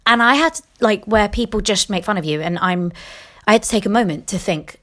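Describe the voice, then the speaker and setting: Ranting young English woman, lively pitch. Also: a little slow. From England. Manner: exasperated ranting, frequent swearing and restarts. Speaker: podcast host. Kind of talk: casual solo podcast rant. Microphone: personal mic in a quiet room.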